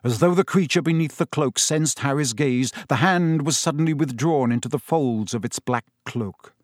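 A man's voice: medium pitch, normal speed. A man narrating a story aloud with suspenseful, varied pacing. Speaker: audiobook narrator.

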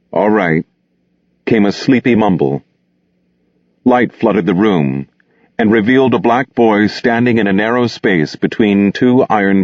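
A man narrating an audiobook in a measured, expressive storytelling manner, recorded close on a studio mic. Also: lowish voice, dry recording, highs cut off.

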